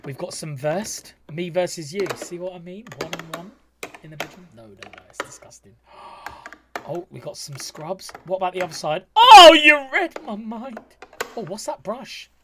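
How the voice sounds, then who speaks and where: A man's voice: on the high side, expressive, normal speed, background noise. A man gushing through cheeky, camp reaction commentary. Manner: camp, cheeky, gasping and squealing. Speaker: reaction video host.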